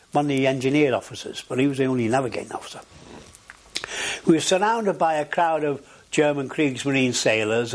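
An older man recalls his past in an archival oral history interview. He rambles, with many fillers and restarts, in an everyday conversational voice. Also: mid-range voice.

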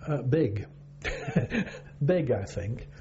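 An older navy veteran recounts his service in an oral history interview, halting often and rambling with many fillers. His mid-range voice is mellow, with big pitch swings. The recording is lo-fi and dull, with a faint hum in the background.

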